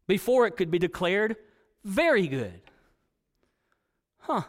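A man preaching a sermon to a congregation, reading scripture and building to emphatic points. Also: on the high side. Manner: preaching with rising emphatic passages. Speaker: pastor. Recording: long hall reverb.

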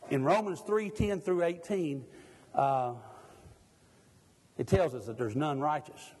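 A man's voice: a little high, slow pace, a little mellow, slightly rough, in a large hall. A middle-aged man from Mississippi, preaching a sermon in a church. He keeps putting pointed questions to the congregation and jokes at his own expense. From Mississippi, USA.

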